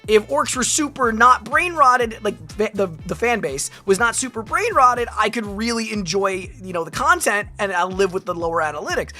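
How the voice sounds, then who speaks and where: A woman streamer chatting through a live reaction, rambling and animated, breaking into laughs and shouts. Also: mid-range voice, normal speed, hardly any pauses, faint music behind. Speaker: streamer reacting to a lore video.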